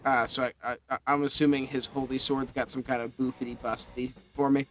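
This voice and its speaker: Rambling bright-voiced male player. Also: medium pitch, little pitch movement, brisk, soft background music. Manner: rambling, full of "like" and restarts, swears freely. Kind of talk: tabletop game banter and in-character narration.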